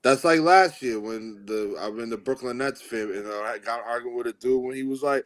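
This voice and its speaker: A man's voice: medium pitch, moderate pace, few pauses, fairly bright tone, no room sound. A man co-hosting a podcast in casual chat, emphatic and ranting, repeating "like, bro" and telling people to stop. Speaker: podcast co-host.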